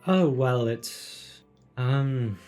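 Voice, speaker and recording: A man's voice: medium pitch, drawn-out words, darkish tone, soft background music. A man playing a jester in a tabletop game, awkward and self-deprecating, often stammering. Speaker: player.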